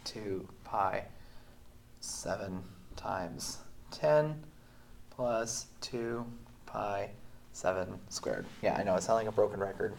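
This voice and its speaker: A man's voice: fairly low pitch, vocal fry, a little hiss or hum. Sick male teacher in an echoey room. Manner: relaxed, many ums, walks through steps slowly. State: sick, voice sounds off. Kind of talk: recorded math lesson. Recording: roomy echo.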